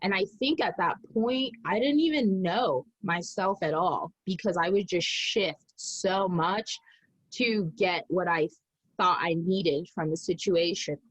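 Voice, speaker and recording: Woman, husky voice, slow unhurried pace, dry close sound, candid guest story. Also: fairly low pitch, no echo, low-quality recording. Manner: animated, acts out her past self.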